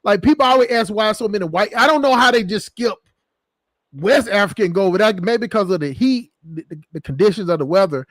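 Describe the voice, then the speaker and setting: High-voiced man joking crudely on stream. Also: expressive, fast talker, a bit bright, no room sound. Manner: crude, joking, laughs often. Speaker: stream host. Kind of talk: casual chat.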